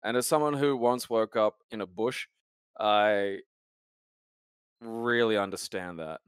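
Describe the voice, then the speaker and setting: A man's voice: fairly low pitch, takes it slowly, clear, resonant tone, dry recording, studio quality. A young man co-hosting a casual podcast chat, rambling and swearing often as he trails off mid-sentence. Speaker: podcast co-host.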